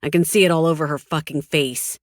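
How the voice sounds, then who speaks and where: A woman's voice: deep voice, steady tone, a little fast, no echo, studio quality, close to an everyday voice. A woman voicing a cold, blunt young mafia man who swears and demands answers. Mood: harsh. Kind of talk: audiobook dialogue.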